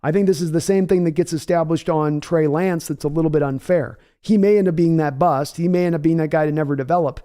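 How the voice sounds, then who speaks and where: A man with a slightly high yet warm, mellow voice hosts a live football stream. He talks in a casual, chatty way, answers viewers by name, and thinks his analysis through out loud. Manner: measured, thinking-aloud analysis with restarts. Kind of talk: casual live-stream football talk, reading chat aloud.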